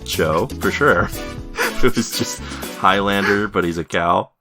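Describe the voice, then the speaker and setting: Deep-voiced wry male podcast host. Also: unhurried, music in the background. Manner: wry, hesitant with fillers. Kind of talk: casual chat.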